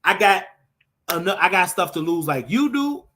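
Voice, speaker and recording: A man hosting a casual gossip talk show. He tells his stories in an animated, dishy way, with sudden leaps up in pitch and quieter, hushed asides. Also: normal speed, slight background noise. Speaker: show host.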